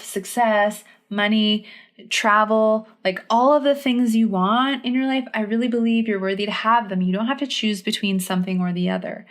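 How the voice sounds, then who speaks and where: A woman's voice: medium pitch, a bit bright. A young adult woman hosting a solo self-care podcast, speaking earnestly and encouragingly and repeating phrases for emphasis. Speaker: podcast host and health coach.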